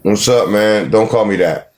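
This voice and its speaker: A man's voice: lowish voice, measured pace, a little mellow. Dismissive man lecturing on a live stream. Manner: dismissive, lecturing, repeats himself. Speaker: livestream host. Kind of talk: combative live-stream chat.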